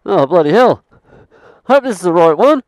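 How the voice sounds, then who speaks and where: A man's voice: high voice, expressive, normal speed, darkish tone, dry recording. An Australian man vlogging outdoors in the bush, rambling and swearing mildly as he chats. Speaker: travel vlogger. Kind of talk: casual self-filmed chat.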